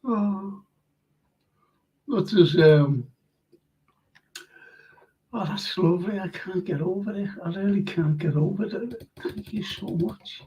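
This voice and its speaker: A man's voice: high voice, takes it slowly, warm tone, rough recording. An older man hosting a live fan phone-in style show, chatting casually and reading viewer messages aloud with open emotion. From England. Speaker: host.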